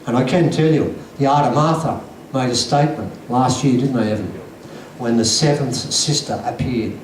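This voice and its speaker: A man's voice: mid-range voice, normal speed, slight background noise. A man giving an earnest, emphatic talk to a conference audience, telling stories. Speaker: conference speaker. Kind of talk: lecture to an audience. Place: conference hall. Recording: echoey hall recording from a distance.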